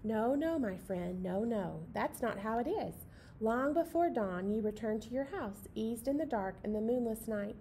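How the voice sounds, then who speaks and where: Woman reading as a tender storybook owl, soft and unhurried, lively high voice. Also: a little hiss or hum. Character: gentle night owl telling its own story. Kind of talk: picture-book read-aloud.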